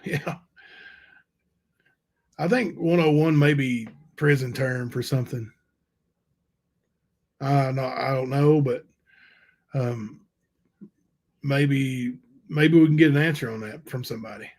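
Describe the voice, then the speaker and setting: A male livestream host reading letters aloud and commenting on them, halting and unsure, with many fillers. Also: medium pitch, fairly even intonation, a little mellow.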